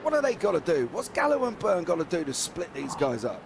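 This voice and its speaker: A man commentating a live sim race, chatty and jokey, talking quickly over a noisy background. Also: fairly high pitch, wildly swooping pitch, creaky.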